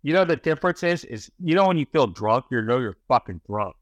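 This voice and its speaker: A man's voice: mid-range voice, animated, brisk, dry recording. Profane rambling man telling a story. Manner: rambling, peppered with swearing and "right?", "bro". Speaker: podcast guest.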